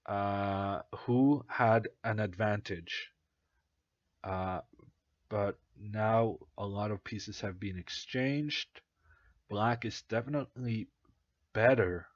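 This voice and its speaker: A man's voice: on the low side, dry recording, muffled recording. A young Norwegian man whose first language is Norwegian, casually commentating chess on a stream, thinking aloud with plenty of uhs and ums. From Norway. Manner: hesitant, thinking aloud with many fillers.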